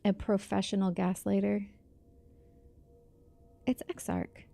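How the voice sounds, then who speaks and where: A woman's voice: medium pitch, level tone, slow pace, creaky, warm tone, dry recording. A young woman streamer chatting casually and giggling as she plays a game and reacts to chat. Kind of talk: casual livestream chat while gaming.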